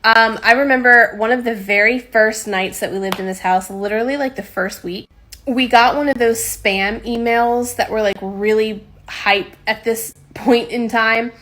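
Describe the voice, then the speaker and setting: A woman telling a rambling, animated story. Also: a little high, moderate pace. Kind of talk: casual story time.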